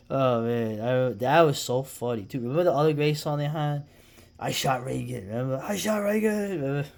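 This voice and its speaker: A middle-aged man from New York, talking casually and at length as host, rambling, swearing freely and trailing off into quiet mumbles. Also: mid-range voice, moderate pace, creaky. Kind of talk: casual solo commentary.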